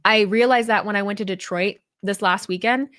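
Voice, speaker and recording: A woman's voice: medium pitch, fairly even intonation, brisk, a bit bright. A woman hosting a live stream, chatting candidly and rambling, swearing freely as she talks. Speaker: host of a wrestling stream. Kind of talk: casual live-stream chat.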